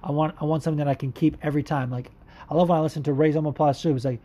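A man talks into his podcast mic in a mellow, dark tone. He rambles and swears freely, restarts his sentences often and leans on fillers, like a casual solo show host thinking out loud. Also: fairly high pitch, steady tone, rapid-fire. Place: Los Angeles area.

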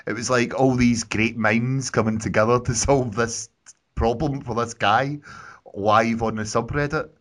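A man's voice: medium pitch, measured pace. A man co-hosting a casual gaming podcast, easily reading out the month's news. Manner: relaxed, reads out news items. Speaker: podcast co-host.

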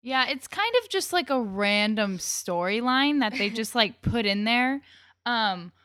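A woman's voice: on the high side, lively intonation, measured pace, fairly bright tone, clear, resonant tone, no room sound, clean studio sound. A young woman co-hosting a casual podcast, chatting about a TV episode in a loose, filler-heavy way and laughing easily. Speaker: podcast co-host. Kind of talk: casual chat recapping a TV episode.

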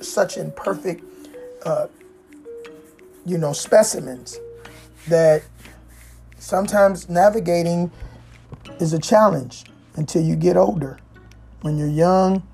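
A woman telling a reflective personal story in a rambling way, often pausing on "you know" and restarting her sentences. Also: sits low, dark tone. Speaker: speaker sharing life story.

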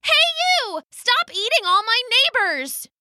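Storybook heroine: a woman playing a shy young woman, high and bright, pleading and breathless. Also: big pitch swings, measured pace, no echo, clean studio sound, exaggerated voice. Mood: alarmed.

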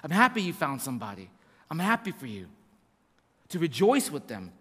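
A man preaching a sermon as pastor, animated and repetitive, acting out little asides. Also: fairly high pitch, moderate pace, breathy edge, long reverb tail.

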